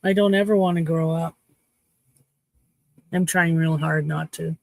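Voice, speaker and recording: Cheeky gravelly-voiced woman in her fifties. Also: low-pitched, steady tone, measured pace, darkish tone, dry recording. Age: 50s. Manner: cheeky, playful, chatty. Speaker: livestream host. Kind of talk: casual chat with viewers.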